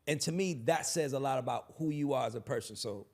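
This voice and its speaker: A young man hosts a podcast in relaxed, animated conversation. He talks in a middle register and keeps the chat moving with energetic praise for his guest. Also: medium pitch, brisk. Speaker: podcast host. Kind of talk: casual interview chat.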